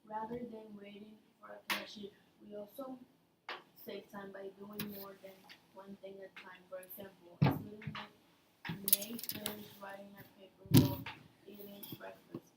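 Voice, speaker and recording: A woman's voice: medium pitch, flat delivery. A female student reading a paragraph aloud in class, stumbling and restarting. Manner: halting reading with restarts and slips. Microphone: far from the mic. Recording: distant, roomy classroom audio with noise.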